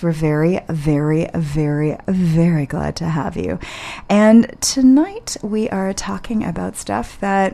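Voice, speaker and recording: A woman's voice: fairly low pitch, darkish tone. A woman hosting a radio interview in a studio, bubbly and giggly with plenty of enthusiasm. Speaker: radio host.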